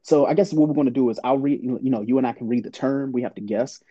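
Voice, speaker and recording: Guy cohosting a podcast, kinda hesitant, trails off a lot, mellow husky voice, dull lo-fi sound. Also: medium pitch, fast, dry recording. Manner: hesitant, trailing off, laughs often. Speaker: podcast co-host. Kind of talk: casual podcast chat.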